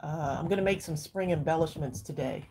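This woman's voice is deep and a little mellow, and she talks a little fast over a faint hiss or hum. She hosts a craft channel, chatting casually with viewers from her home craft room, slightly out of breath and addressing them as y'all.

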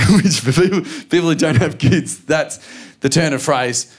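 A man in his thirties with an Australian accent, performing a stand-up comedy routine and acting out quick voices of his family. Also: on the high side. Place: live comedy venue with audience laughter.

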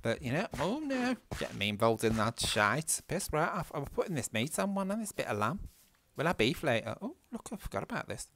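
A man's voice: fairly high pitch, big pitch swings, brisk, hardly any pauses, fairly bright tone, dry recording. A man with a Northern English accent, chatting casually and swearing freely as he tells a story while playing a game. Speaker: gaming vlogger.

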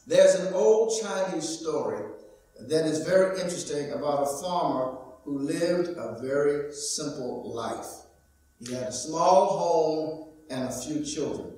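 Man preaching slow n steady, reading scripture and telling a story, lots of church echo. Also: on the high side, recorded from a distance. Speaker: pastor. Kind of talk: sermon with storytelling. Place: church sanctuary.

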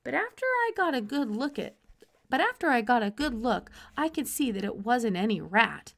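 A woman reading a children's chapter book aloud, lively and expressive, as a teacher. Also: fairly high pitch, normal speed, vocal fry. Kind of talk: storybook read-aloud.

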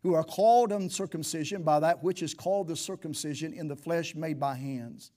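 A man pastor preaching a sermon in a church, rising to loud emphatic peaks and dropping to quiet pleading, with old scripture phrasing. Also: on the high side, brisk.

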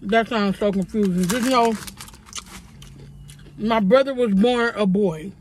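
A young adult woman vlogger telling a story while eating on camera, animated and swearing freely. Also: medium pitch, slow pace, a little hiss or hum.

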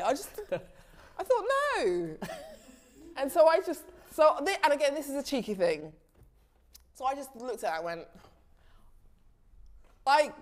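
A TV director from London, speaking with a London accent, tells her story casually in an interview, laughing often and acting out dialogue with lively energy. Her voice is high, a little slow, with long pauses.

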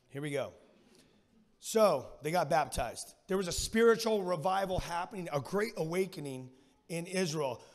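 A man preaching a sermon as a guest speaker, energetic and slangy, telling stories with animated delivery. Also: high voice. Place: church sanctuary. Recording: long church hall reverb.

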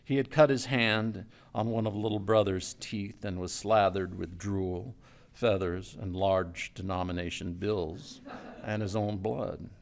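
A man giving a live literary reading of a story, in a measured storytelling manner that drops low and quiet for tense moments. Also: steady tone, vocal fry. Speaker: writer reading his own story. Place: stage before a live audience.

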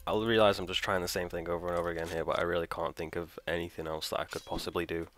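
A man hosting a let's play, thinking aloud, trailing off, swearing and shouting in frustration as he plays. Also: deep voice, flat delivery, rapid-fire. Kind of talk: live gameplay commentary.

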